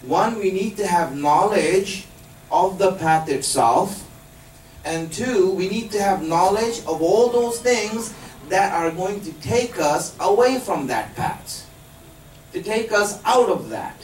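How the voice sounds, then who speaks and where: He has a high, expressive voice and takes his time, giving a religious lesson to a live audience with patient explanations and questions for them. The echoey room is recorded from a distance, with a little hiss or hum.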